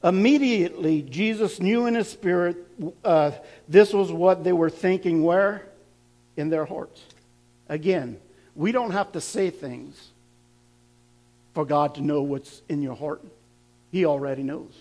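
A man's voice: fairly high pitch, unhurried, long pauses, a little mellow. A man preaching a sermon, laughing now and then and building up to emphatic, repeated lines.

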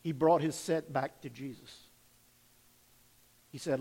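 A man preaching a sermon, retelling scripture dramatically and swinging between loud emphasis and quiet intensity. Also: a little high, steady tone, takes it slowly, pauses often. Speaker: pastor.

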